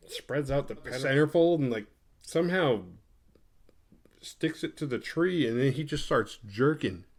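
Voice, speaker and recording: Crude joking man recapping a movie. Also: medium pitch. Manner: crude, joking, acts out characters' lines. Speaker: movie podcast host. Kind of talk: casual comedic movie recap.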